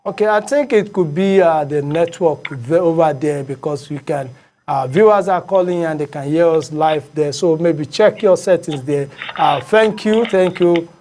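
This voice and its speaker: Man, morning show host, fairly high voice, hesitant, repeats himself. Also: darkish tone. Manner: halting, many fillers, repeats headlines. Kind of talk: reading headlines and taking calls.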